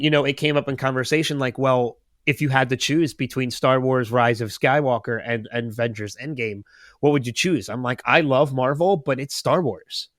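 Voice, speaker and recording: A man's voice: mid-range voice, fairly bright tone, dry recording. A man in his late thirties hosts a podcast in casual chat. He rambles through his story with lots of restarts and turns openly emotional. His voice sits mid-range, with a close, dry sound. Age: 30s. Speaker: podcast host.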